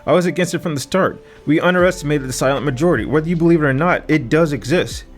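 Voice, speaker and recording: A scornful, sharp-tongued woman who dismisses everyone around her, read by a male narrator. The voice is lifted slightly above his normal register and stays clipped. Soft music plays underneath. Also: on the high side, quick pace, voice pushed up, lightly acted. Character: cold arrogant woman conspirator, sharp-tongued. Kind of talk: audiobook character voice.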